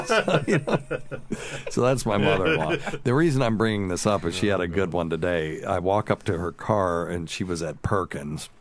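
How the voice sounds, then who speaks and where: Very deep-voiced laughing storyteller man. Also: big pitch swings, fairly quick. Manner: laughing storyteller, loose and chatty. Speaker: podcast host, doctor. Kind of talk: casual podcast chat.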